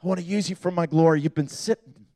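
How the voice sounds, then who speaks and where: A man voicing God as a male figure, speaking in a hushed, slow, pleading way within a sermon. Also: on the high side, no echo, studio quality, close to an everyday voice. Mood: tender. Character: God, a male voice, tender and solemn.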